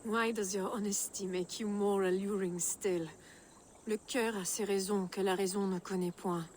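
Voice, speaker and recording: A woman's voice: medium pitch, fairly even intonation, normal speed, darkish tone, a little hiss or hum, close to an everyday voice. A woman with a French accent voicing a wistful Frankish noblewoman in a video game, speaking in a tender, dreamy way.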